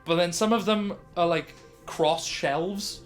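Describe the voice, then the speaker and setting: A man's voice: high-pitched, slow, faint music behind. A man narrating as game master of a tabletop game, describing things in a rambling way full of fillers.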